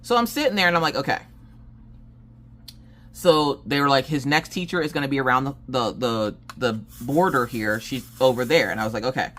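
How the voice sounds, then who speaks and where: A woman's voice: a bass voice, a little fast. A woman hosting a crafting vlog, chatting casually and acting out the people in her anecdote with lots of asides. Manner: animated, acts out the other people in her stories; chatty with many fillers and asides. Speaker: crafting channel host. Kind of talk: casual storytelling chat.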